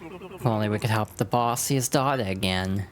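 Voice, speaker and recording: A woman voicing a gruff male mobster goon in a game, talking in tough-guy slang. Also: rumbling low, normal speed, faint music behind.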